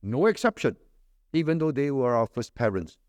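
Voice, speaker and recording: A man preaching a sermon, emphatic, with rhetorical questions and sharp swings between raised stresses and low dropped endings. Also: very animated, moderate pace, dry recording, studio quality.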